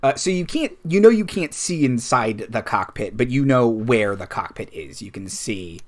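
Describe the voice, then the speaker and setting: A man's voice: mid-range voice, big pitch swings, moderate pace. A young man running a tabletop role-playing game, narrating casually with frequent fillers and restarts. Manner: casual, hesitant with many fillers. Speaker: game master.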